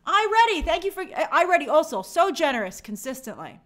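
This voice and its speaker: A woman hosts a casual movie news live stream with a high voice. She talks in an animated, sarcastic way, and her pitch swings widely as she acts out other people's reactions and reads viewer comments. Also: a little fast.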